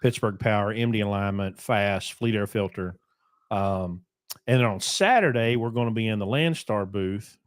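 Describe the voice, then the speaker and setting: A man's voice: on the low side, moderate pace, no room sound, studio quality. A man hosting a casual trucking podcast, talking loosely with plenty of ums and asides. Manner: loose, rambling, with many ums. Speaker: podcast host.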